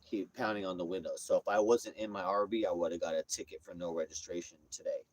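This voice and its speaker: A man's voice: low-pitched, fairly even intonation, quick pace. A man livestreaming from his parked RV on a phone, rambling and repeating himself, swearing freely in casual chat. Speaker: streamer. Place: inside a parked RV.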